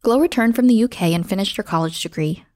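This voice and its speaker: A woman hosting a show, reading a scripted story in a measured, expressive way that slows down for emphasis. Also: medium pitch, no echo, clean studio sound. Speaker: podcast host and narrator.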